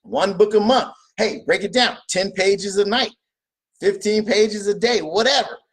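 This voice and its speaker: A man with a fairly high, husky voice delivers a motivational talk. He is emphatic and preachy. He hammers his points through repetition and answers his own rhetorical questions. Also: unhurried, a bit bright. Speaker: motivational speaker.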